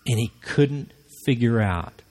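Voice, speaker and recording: A man's voice: medium pitch, lively intonation, slow pace, a little mellow. A man preaching a conversational sermon who acts out the lines he quotes.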